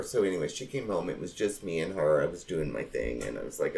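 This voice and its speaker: A man's voice: sits low, very animated, fairly quick, creaky, few pauses, a little mellow. A man telling a family story in casual chat, swearing and mimicking relatives.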